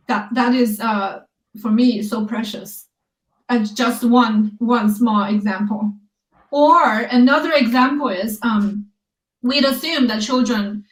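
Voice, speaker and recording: A woman researcher answering interview questions thoughtfully, pausing and restarting often, with light laughs. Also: a little high. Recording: echoey room, a bit distant from the mic.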